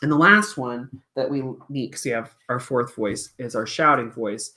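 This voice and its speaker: A man's voice: medium pitch, moderate pace. A male music teacher giving a chatty workshop talk on using puppets in class. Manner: chatty, animated, demonstrates with puppet voices.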